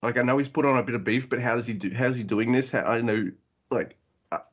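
A man co-hosting a podcast, chatting casually in an animated way, swearing and acting out quotes. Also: medium pitch, fast talker, breathy edge. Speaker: podcast co-host. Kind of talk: casual chat. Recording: dull lo-fi audio.

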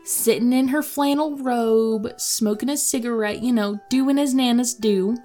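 A woman co-hosting a casual chat, playful and quick to laugh as she tells stories. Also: fairly high pitch, mellow, faint music behind. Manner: playful, laughs often while telling stories. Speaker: podcast co-host.

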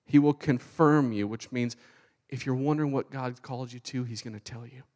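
A man preaching a sermon with animated, fervent delivery. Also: mid-range voice, normal speed. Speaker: pastor.

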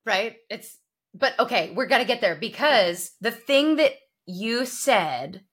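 A woman's voice: fairly high pitch, expressive, slow, a bit bright, slightly rough. A woman hosting a faith-based podcast, encouraging her guest with frequent affirming murmurs and explaining her teaching as she talks. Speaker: podcast host.

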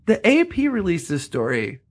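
Blunt wry man with a lively voice. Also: high voice, moderate pace. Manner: blunt, wry, laughs often. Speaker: podcast co-host. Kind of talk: casual political banter.

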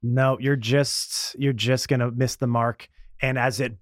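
A man's voice: mid-range voice, level tone, measured pace, noisy background. A man acting as game master, narrating a tabletop game with vivid descriptions of combat.

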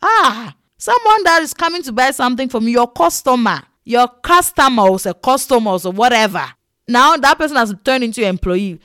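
A woman telling casual stories in a chatty, animated way, full of fillers. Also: fairly high pitch, brisk, smooth, no room sound, studio quality. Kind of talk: casual storytelling vlog.

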